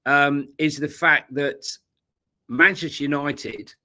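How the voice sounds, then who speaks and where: A man's voice: fairly high pitch, fairly even intonation, takes it slowly, bright, forceful tone. A man co-hosting a live football podcast, talking casually with lots of fillers and restarts. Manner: hesitant, many fillers and restarts. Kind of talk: casual live-stream chat.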